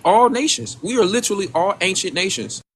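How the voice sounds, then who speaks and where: A man's voice: sits high, lively intonation, a little fast, fairly bright tone, slight background noise. A man hosting a casual livestream. He talks in rhetorical questions, addresses his audience directly, and stumbles over repeated words when searching for what to say. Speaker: livestream host.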